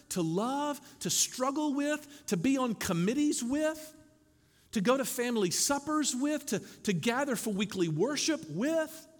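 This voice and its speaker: Animated high-voiced preacher in a reverberant hall. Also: male voice. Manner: animated preaching, with wry asides. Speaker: pastor. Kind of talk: sermon. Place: church sanctuary.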